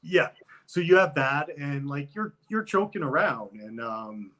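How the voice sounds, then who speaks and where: A man's voice: fairly high pitch, expressive, unhurried, fairly bright tone, rough recording. A man talking loosely as an interview guest, rambling with lots of filler words. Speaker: guest, wrestler. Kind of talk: casual interview chat.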